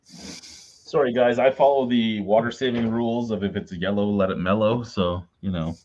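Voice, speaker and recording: A man's voice: fairly low pitch, steady tone, moderate pace, darkish tone, a little hiss or hum. Blunt man on a lo-fi call. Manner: blunt, swearing, storytelling rants. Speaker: podcast host. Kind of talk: casual chat. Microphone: video call. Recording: dull lo-fi video call audio.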